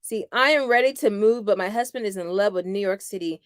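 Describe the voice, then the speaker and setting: A middle-aged woman hosting a homeschool channel, chatting casually with viewers and telling animated stories with playful quoted voices. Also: medium pitch, a little fast, dry recording, studio quality. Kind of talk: casual livestream chat with viewers.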